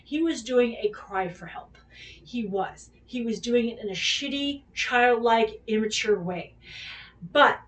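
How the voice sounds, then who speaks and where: Chatty woman ranting about her ex, kinda high voice, swears a lot, sits a little back from the mic. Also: a little slow, a bit bright, far from the mic. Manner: candid, rambling, swears freely, acts out quotes. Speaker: podcast host. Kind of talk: casual storytelling chat.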